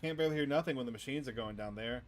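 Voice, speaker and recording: A man reading a gruff male miner who gives curt, dismissive answers. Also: medium pitch, rapid-fire, lightly acted.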